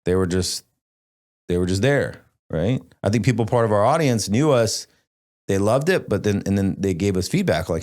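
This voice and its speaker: Animated, emphatic man hosting a podcast. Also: on the low side, moderate pace. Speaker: podcast host. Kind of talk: casual podcast chat.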